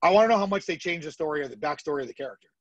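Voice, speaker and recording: A man co-hosting a podcast, talking in excitable, jokey bursts in casual chat. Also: on the high side, racing, no echo, dull audio. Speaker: podcast co-host.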